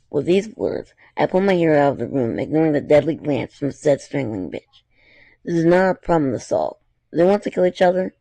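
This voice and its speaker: A man reads a fan-fiction story aloud in a gravelly voice, pitched somewhat high for a man. The sound is dry and close, with no room around it. He breaks off now and then for chatty, apologetic asides. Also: lively intonation, moderate pace, mellow, dry recording. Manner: chatty, apologetic asides between dramatic reading.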